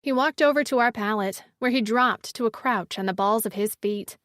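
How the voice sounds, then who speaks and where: A woman narrating a first-person fantasy romance audiobook with an expressive storytelling delivery. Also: medium pitch, moderate pace, few pauses, no echo, studio quality.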